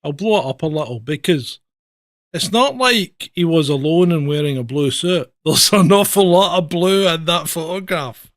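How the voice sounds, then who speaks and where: A man hosts a casual news livestream in a blunt, sarcastic way and swears freely. His voice sits a bit high for a man. The sound is close and dry, with no room in it. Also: expressive, normal speed, a bit bright, dry recording.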